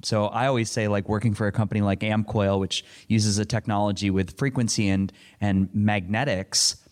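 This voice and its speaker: Man, middle-aged, lowish voice, earnest, rambling, restarts often, panel answer. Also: steady tone, normal speed, darkish tone. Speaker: panel speaker.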